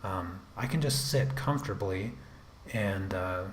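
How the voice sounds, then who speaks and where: Male artist-host, unhurried, lowish voice, rambling livestream commentary from his home drawing desk, with a faint hum behind him. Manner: relaxed, rambling, talks to himself while working; self-deprecating asides with frequent restarts. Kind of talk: casual running commentary while drawing on a livestream.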